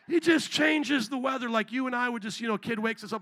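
Pastor preaching in church, guy with a real high bright voice, gets loud and acts stuff out. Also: fairly quick, few pauses. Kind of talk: sermon.

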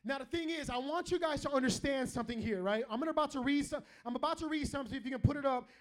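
Racing through his sermon in an extremely high voice, a middle-aged pastor jokes and calls out to the congregation. He's animated, preaching in a church hall before a live audience.

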